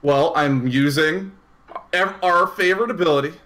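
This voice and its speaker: A man's voice: a little high, normal speed, pushed and bright. A man playing in a tabletop game, chatting casually about his character's rolls and abilities. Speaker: player.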